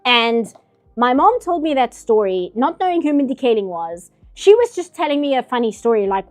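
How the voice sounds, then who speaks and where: A woman's voice: a little high, sing-song, moderate pace, a little mellow, soft background music. Opinionated ranting woman streamer. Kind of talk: casual chat during an art stream.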